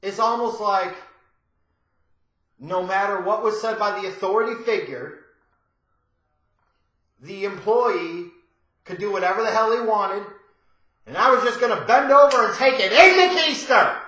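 A man hosting a wrestling review channel, ranting with profane sarcasm and shouted bursts. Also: sits high, measured pace, long pauses. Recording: very echoey room.

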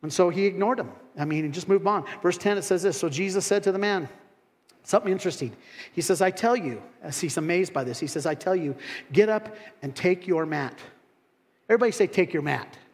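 Animated preacher in a reverberant church. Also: male voice, brisk. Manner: animated, acts out voices of critics with sharp rises in pitch and volume; laughs between phrases, folksy asides. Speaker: pastor. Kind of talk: sermon. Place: church sanctuary. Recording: long hall reverb.

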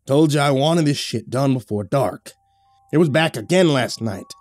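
Snarly cussing old backwoods guy with a shotgun, a man doing the voice, higher and louder than the storyteller. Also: expressive, normal speed, dry recording, clean studio sound, soft background music, close to an everyday voice. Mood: gruff. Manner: snarling, profane, short-tempered.

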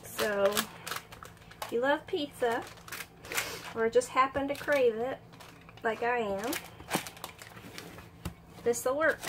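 A woman's voice: on the high side, takes it slowly, pauses often, background noise. A woman chatting folksily through a cooking demonstration in her home kitchen, sniffling a little from allergies. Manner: chatty, folksy, keeps saying "y'all".

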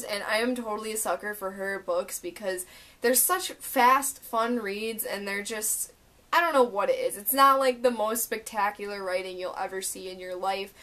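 A young woman vlogging a casual book haul and unboxing, gushing and excitable as she talks through each book. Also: a little high. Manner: gushing, excitable, lots of "oh my gosh".

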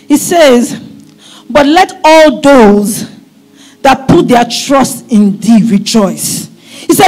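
A middle-aged woman pastor preaching a sermon at a church service, fervent and often breaking into shouts. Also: high voice, animated, measured pace.

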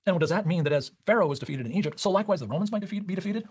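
Animated husky male Bible teacher. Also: high-pitched, very fast. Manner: explains step by step with rhetorical questions. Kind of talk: recorded Bible study lecture.

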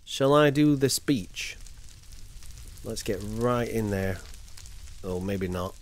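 A man's voice: on the low side, animated, slow, slight background noise. Chatty man streaming a game. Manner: chatty, reads and answers chat. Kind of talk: casual live-stream chat.

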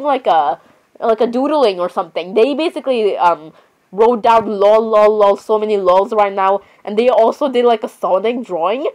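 A woman's voice: medium pitch, low-quality recording. A teenage girl chatting casually while playing a game, rambling, apologizing often and giggling. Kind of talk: casual gameplay chat.

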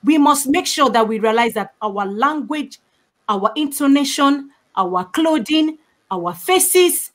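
Woman from Africa, high register, panel speaker, emphatic and insistent. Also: lively intonation, takes it slowly. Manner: emphatic, repeats key points for stress. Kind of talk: impassioned panel talk.

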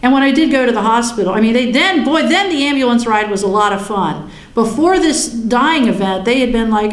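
A woman with a fairly high voice tells her story with wry humor, acting out what she thought at each moment. The recording has a roomy echo around her. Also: a little fast. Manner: lively, wry storyteller who acts out her own inner thoughts. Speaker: guest recounting a near-death experience. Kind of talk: personal storytelling.

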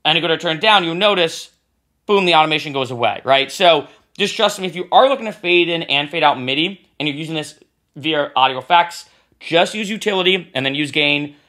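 Bright fairly high guy walking thru music software, casual, keeps saying right. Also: animated, brisk. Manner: casual, talks while clicking, says "right?" often. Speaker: music production tutor. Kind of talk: screen-recorded software tutorial.

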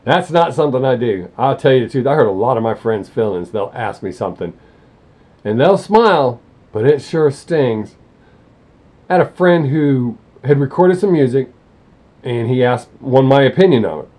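A man in casual, opinionated talk to camera, blunt and rambling, often stopping to correct himself. His voice is mellow and a little husky. His pitch rises and falls a great deal as he goes. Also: expressive, normal speed. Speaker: music reaction channel host.

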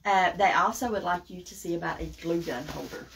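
A woman's voice: on the low side, a little fast, gravelly, a bit bright, slight background noise. Woman, Southern accent, craft livestream host, folksy, chatty, casual demo talk. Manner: chatty and folksy, addresses viewers as guys and y'all. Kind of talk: casual live craft demo, reading viewer comments.

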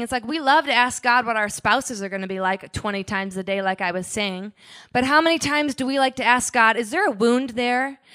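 Lady pastor preaching casual-style, kinda high voice, acts out little quotes as she goes. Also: bright, forceful tone. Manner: conversational preaching with acted-out quotes and asides. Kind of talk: sermon.

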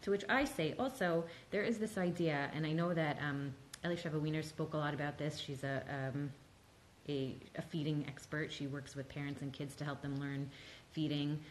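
Emphatic woman counselor, slightly low voice. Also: fairly even intonation, normal speed, slight background noise, poor audio. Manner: emphatic, frequent "like" and "right?". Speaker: mental health counselor. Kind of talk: casual talk to camera.

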